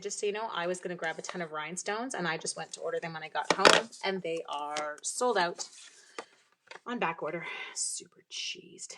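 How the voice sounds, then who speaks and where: With slight background noise behind her, this young Canadian woman talks in a mid-range, fairly bright voice. She chats casually through a live craft stream, making cards, rambling, and reading out viewer comments, all while suffering repeated coughing bouts.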